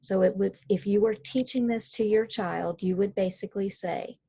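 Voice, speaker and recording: Woman, gravelly husky voice, mellow tone, calm plain explainer. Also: mid-range voice, moderate pace. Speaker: coach and author. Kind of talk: conversational explainer.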